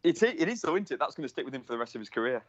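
A man's voice: medium pitch, racing, lo-fi sound. Man bantering on a podcast. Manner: banter, excitable. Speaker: podcast co-host. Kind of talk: casual chat.

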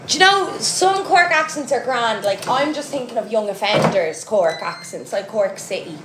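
A woman's voice: a little high, animated, normal speed. A young Irish woman with a Louth accent chats casually with her viewers, reading their comments and giving blunt opinions, often laughing. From Ireland, County Louth. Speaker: streamer chatting with viewers. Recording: roomy echo with faint background hum.

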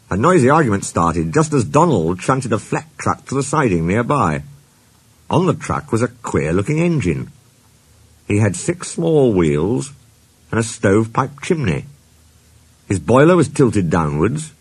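A man narrating a children's storybook at a measured, slow pace. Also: lowish voice, big pitch swings, slightly rough. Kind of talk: storybook reading.

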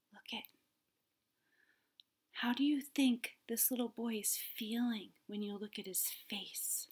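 Slow, bright-voiced preschool teacher. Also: female voice, on the high side. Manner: drops often to a soft whisper, then warm emphasis; patient, coaxing, asks children questions. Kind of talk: gentle lesson for young children.

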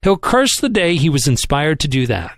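A man's voice: fairly high pitch, sing-song, normal speed, no echo, clean studio sound. A man voicing a stiff, humorless office manager who complains with cold dignity, in an audiobook reading. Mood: defiant.

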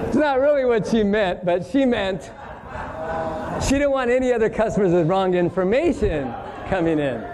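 Man, pastor, animated storytelling sermon, mellow voice, long hall reverb. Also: medium pitch. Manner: animated anecdote with voiced quotes. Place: church hall. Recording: distant hall reverb, faint noise.

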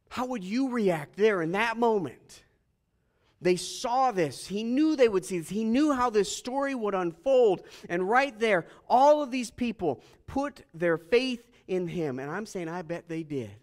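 A man preaching a sermon as pastor, animated and acting out scenes with jokes. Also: sits high.

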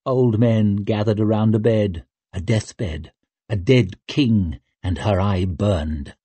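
A man narrating an audiobook in a measured, even storytelling manner. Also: on the low side, breathy edge, no room sound. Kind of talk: scripted narration.

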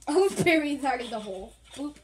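A woman's voice: high voice, animated, moderate pace, slight background noise, poor audio. A woman giving casual, rambling, playful commentary while playing a video game, with jokey asides. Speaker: gaming channel host.

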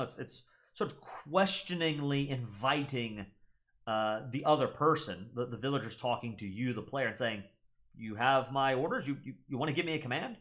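A man of middling pitch who teaches in a casual, chatty way, his voice swinging up and down with energy. He hosts a gaming channel and repeats words slowly to demonstrate how they sound. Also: a bit bright. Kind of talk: casual explanatory lesson.

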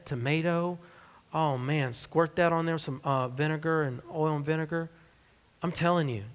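Humorous preacher with hall reverb. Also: male voice, fairly high pitch, fairly bright tone. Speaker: pastor. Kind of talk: sermon. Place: church sanctuary.

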